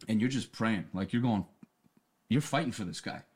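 A man with a very low voice tells an earnest story on a casual podcast. He often restarts and repeats words as he goes. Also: expressive, moderate pace, husky. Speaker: podcast guest. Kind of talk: casual conversation.

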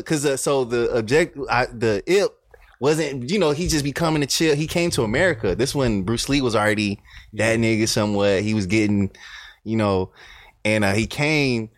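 A man's voice: medium pitch, moderate pace, no echo, studio quality. A young man co-hosting a podcast, telling stories loosely with lots of slang in casual chat. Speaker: podcast co-host.

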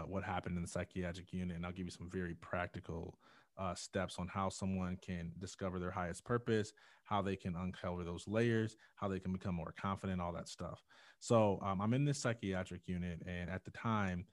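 Guy on a podcast, low voice, dead dry sound, earnest storytelling. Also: dry recording. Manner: earnest storyteller, acts out quotes with rising intensity. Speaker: podcast guest. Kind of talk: personal testimony in a podcast interview.

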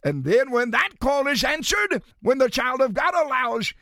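Preacher guy, really high voice, gravelly edges, swoops all over the place. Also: sing-song, dry recording, clean studio sound. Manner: rising to shouts, then dropping low and slow. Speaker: pastor. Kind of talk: sermon.

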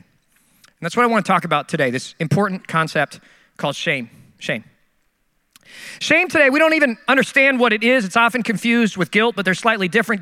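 A middle-aged man, a pastor, preaching a sermon with lively, self-mocking storytelling. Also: sits high, moderate pace, in a large hall.

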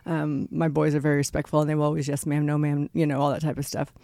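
A woman's voice: low voice, monotone, quick pace, vocal fry, mellow, no room sound, clean studio sound. A middle-aged woman co-hosting a podcast, chatting casually in a blunt, emphatic way and swearing freely. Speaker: podcast co-host. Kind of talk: casual chat.

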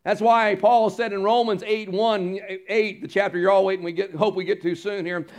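A man preaches from the pulpit with a high, ringing voice. He drives points home with loud, drawn-out declarations, then drops to quiet, confiding asides to the congregation. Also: fairly even intonation. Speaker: pastor. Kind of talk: sermon. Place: church sanctuary.

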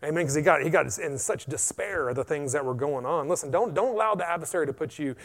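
A man preaching a sermon, animated and punctuated with frequent amens. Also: fairly high pitch, fast. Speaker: pastor.

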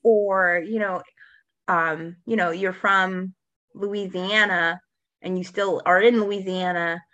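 Low-voiced woman chatting on a podcast. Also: fairly even intonation, fairly bright tone, no echo, lo-fi sound. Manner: chatty, self-assured, halting restarts. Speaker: podcast co-host. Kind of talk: casual chat.

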